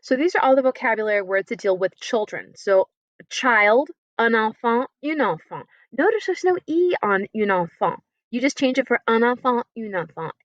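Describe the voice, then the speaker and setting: A woman's voice: on the high side, animated, dry recording. Upbeat woman teaching French vocabulary. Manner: upbeat, encouraging, spells words out slowly. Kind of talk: recorded remote lesson. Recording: dry, slightly dull computer-mic audio.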